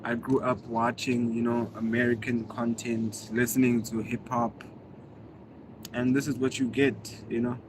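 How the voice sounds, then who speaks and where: A man's voice: mid-range voice, flat delivery, a little slow, noisy background. A man from South Africa, a native Zulu speaker, chatting casually with viewers on a livestream in a slangy, laid-back way and thanking them by name. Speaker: livestreaming vlogger. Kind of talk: casual live-stream chat reading comments.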